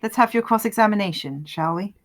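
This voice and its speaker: A woman's voice: medium pitch, a little fast, pitched below the performer's own voice, natural voice. A woman reading the part of a smug, scheming prosecutor from a game, in a mocking, theatrical manner.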